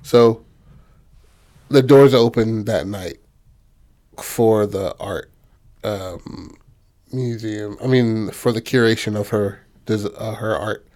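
A man's voice: fairly low pitch, slow, long pauses, a little mellow. A man casually retelling a story in loose, rambling talk, full of fillers and profanity. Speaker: filmmaker describing his film. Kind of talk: casual chat.

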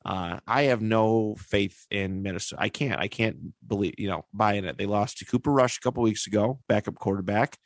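A man's voice: lowish voice, a little fast, few pauses, dry recording. A man hosting a casual sports podcast chat, laid-back and full of filler words. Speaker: podcast host.

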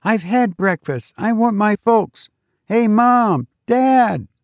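A man voicing a young boy who is searching for his missing parents and calls out in a high, pleading voice. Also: expressive, slow, no room sound, clean studio sound, full character voice.

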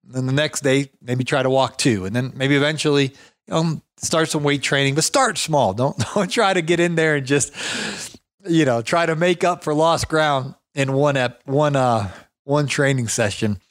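A man hosting a podcast, giving business advice in a chatty, energetic way with frequent chuckles and storytelling asides. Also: mid-range voice, moderate pace, no echo, clean studio sound. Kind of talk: casual motivational talk with anecdotes.

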